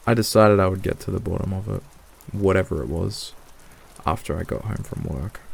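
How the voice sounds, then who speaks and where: A man reads a horror story to fall asleep to in a calm, steady way. His low voice is thick with gravelly fry. Soft rain sounds faintly in the background. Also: a little hiss or hum, rough recording. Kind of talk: scripted narration of horror stories for sleep.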